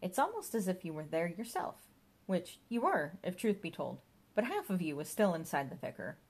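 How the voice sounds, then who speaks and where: A woman's voice: fairly low pitch, big pitch swings, moderate pace, a little mellow, husky, exaggerated voice. A woman voicing an eccentric middle-aged mother who chatters in a dotty, matter-of-fact way.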